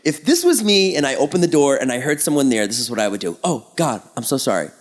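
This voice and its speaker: A man's voice: on the high side, fast talker. A man co-hosting a podcast, telling a story in casual chat and acting out what other people said. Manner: animated storyteller, acts out other people's lines. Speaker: podcast co-host.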